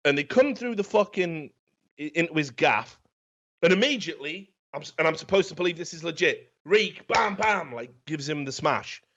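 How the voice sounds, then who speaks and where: A man's voice: a little high, expressive, brisk, fairly bright tone. A man hosting a casual comedic film review, telling the story in a rambling, profane way. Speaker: film review podcast host. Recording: dull, lo-fi sound.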